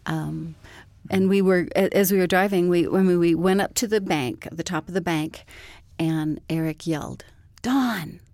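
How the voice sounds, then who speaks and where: A woman with a fairly low voice tells her story calmly and steadily, in an even, unhurried manner. The recording is dry and close, with no room sound. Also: no echo. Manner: calm, measured storytelling. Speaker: guest. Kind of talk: personal testimony storytelling.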